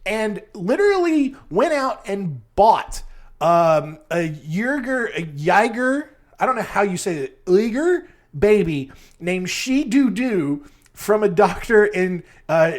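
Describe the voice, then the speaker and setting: A man hosting a casual storytelling podcast, rambling and jokey and often laughing at his own asides. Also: high-pitched. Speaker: podcast host.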